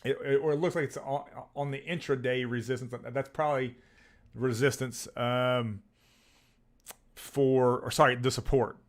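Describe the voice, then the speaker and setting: A man's voice: medium pitch, steady tone, normal speed. A man hosting a live stock trading stream, chatting loosely and repeating words as he goes, with his voice starting to give out. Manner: rambling, repeats words, upbeat sign-off. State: losing his voice. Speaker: livestream stock trading host.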